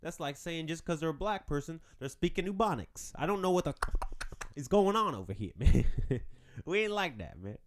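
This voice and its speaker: A man's voice: a little high, big pitch swings, moderate pace, a little hiss or hum. A man hosting a podcast on his own, joking and rambling in casual chat. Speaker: podcast host.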